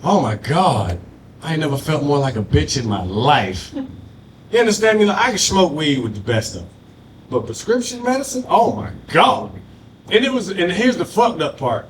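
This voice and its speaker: A man's voice: fairly high pitch, sing-song, normal speed, slight background noise. A man doing a loose, profane stand-up comedy set on a club stage, working the crowd. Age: adult with a grown daughter.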